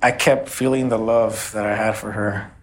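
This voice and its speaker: A man telling an interviewer about a violent night in a halting way, often repeating his words. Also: lowish voice, fairly even intonation. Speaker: interview guest. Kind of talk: personal account in an interview.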